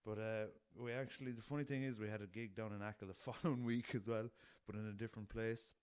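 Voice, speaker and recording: Young irish lad rambling through a story on his podcast, swears a lot, low smooth voice, dry close sound. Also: fairly even intonation, fast talker, darkish tone, dry recording. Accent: Irish, west of Ireland. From Ireland. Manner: rambling anecdotal, swears freely, chuckles. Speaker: podcast host. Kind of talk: casual storytelling.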